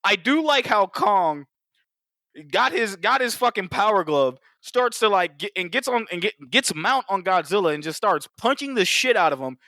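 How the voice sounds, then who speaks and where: Animated, profane man in casual chat. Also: sits high, moderate pace, no echo, studio quality. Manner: profane, animated, acts out monster voices. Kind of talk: casual movie review chat.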